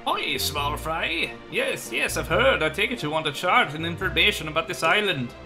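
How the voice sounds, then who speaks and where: A man voicing a brash male fish fortune-teller in a put-on pseudo-Irish accent, with a gruff, pirate-like swagger, over game music. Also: on the high side, animated, normal speed.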